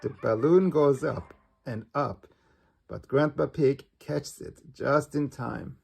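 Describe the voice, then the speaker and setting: Storybook narrator, slow, gravelly, breathy, children's read-aloud. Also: mid-range voice, darkish tone. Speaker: storybook reader.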